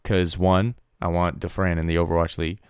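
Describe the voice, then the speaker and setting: Young man, co-host, casual esports chat, clear resonant tone, dry close recording. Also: little pitch movement, fairly quick, a little mellow, dry recording. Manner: laughing, mimics players in high squeaky voices. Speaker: podcast co-host.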